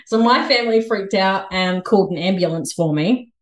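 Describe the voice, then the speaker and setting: A woman in her thirties with an Australian accent, a podcast guest telling a story in a lively, chatty way and laughing often. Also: medium pitch, moderate pace. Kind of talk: casual storytelling interview.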